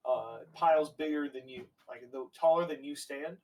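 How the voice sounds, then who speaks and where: A man's voice: fairly high pitch, moderate pace, darkish tone. A man narrating as game master of a tabletop game, rambling and casual, with lots of fillers and swearing. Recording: voice a bit distant from the mic.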